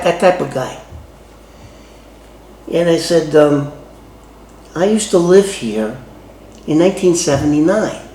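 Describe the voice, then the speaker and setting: A former FBI informant from the Bronx, New York, recounts a case from his past in the first person, his telling loose and halting, full of restarts and street phrasing. His voice is mid-range with a darkish tone, and the recording has a roomy echo.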